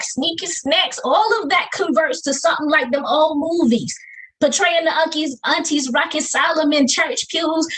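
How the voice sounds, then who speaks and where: A woman's voice: high-pitched, fairly bright tone, low-quality recording. A woman with a Southern US accent performing her own spoken-word poetry over a video call, with a rhythmic, emphatic delivery and Southern slang. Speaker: poet.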